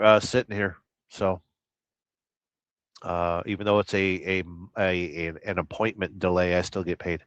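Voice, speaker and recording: Rambling middle-aged man, crude and smooth-voiced. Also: lowish voice, fairly bright tone, no room sound. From Southern California. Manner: rambling and crude, hums nonsense syllables between comments. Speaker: truck driver live-streamer. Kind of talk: casual live-stream chat reading viewer comments. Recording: slightly dull lo-fi sound.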